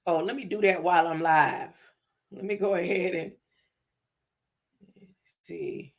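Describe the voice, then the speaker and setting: A woman hosting a spiritual livestream, speaking unhurried affirmations, laughing often and repeating words for emphasis. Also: on the low side. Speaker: livestream host.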